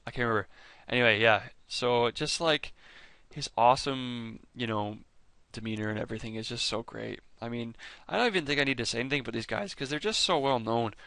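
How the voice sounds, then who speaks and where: An excited man talks casually through a fan countdown. He rambles, restarts his sentences and corrects himself as he goes. His mid-pitched voice has a gravelly fry, and it sounds dry and close, with little room sound. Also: brisk, hardly any pauses, no room sound. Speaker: fan video host ranking characters. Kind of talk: casual rambling commentary over clips.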